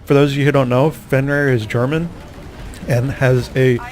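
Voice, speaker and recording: Rambling gamer guy, mid-pitched voice. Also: fairly even intonation, moderate pace, a little mellow. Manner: rambling, self-mocking, reacts aloud to the game. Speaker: gamer recapping a tournament. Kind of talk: casual commentary over gameplay.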